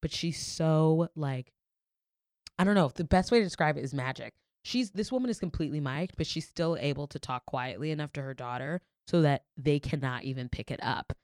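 A woman's voice: sits low, fairly quick, a little mellow, dry recording, clean studio sound. A young adult woman in a casual podcast chat, telling a story with lots of "like" fillers and free swearing. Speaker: podcast guest.

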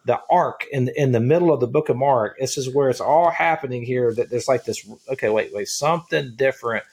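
A man co-hosting a casual Bible study podcast, talking in an animated way and often repeating and restarting his words. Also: medium pitch, brisk, breathy edge. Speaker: co-host of a Bible discussion podcast.

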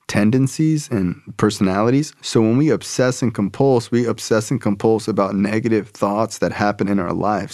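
A man's voice: fairly low pitch, vocal fry, darkish tone, dry recording, clean studio sound. A young man casually telling a personal recovery story, swearing and using slang. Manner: casual and profane, street slang. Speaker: speaker sharing his recovery story.

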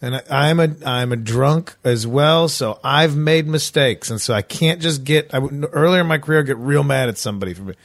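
Man, podcast co-host, mid-pitch, loose rambling road stories, dry close mic. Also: dry recording. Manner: rambling, stop-start storytelling with quick impressions. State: nursing tendonitis, ice packs on. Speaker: podcast co-host and touring comedian. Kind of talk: casual chat.

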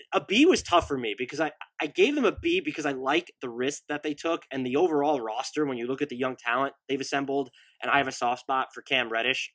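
Brief: male podcast co-host, bright forward tone, dry close sound, runs through lists quickly with asides. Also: mid-range voice, no echo. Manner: rapid-fire roster lists, offhand asides. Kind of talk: casual sports podcast analysis.

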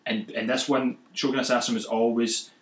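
A man's voice: medium pitch, level tone, a little fast, reverberant, low-quality recording. A man, a podcast co-host, rambling through stumbling retellings in casual chat and laughing a lot.

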